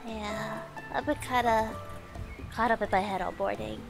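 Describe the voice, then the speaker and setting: A woman puts on an unsure young bird hiker in a video game, speaking with a gravelly edge. Her replies come out hesitant and mumbled. Game music plays steadily in the background. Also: fairly high pitch, steady tone, measured pace, poor audio.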